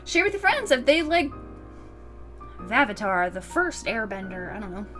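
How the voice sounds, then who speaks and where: A woman hosting her channel, reading a visual novel's narration aloud in an animated, expressive way. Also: on the high side, moderate pace, music in the background.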